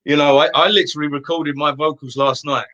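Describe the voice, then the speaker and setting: A man's voice: on the high side, fairly even intonation, fast, sharp tone, lo-fi sound. A man in his fifties with an Essex accent, chatting casually as an interview guest and telling rambling anecdotes. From Essex, England. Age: 50s. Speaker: stage singer and guest. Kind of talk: casual chat.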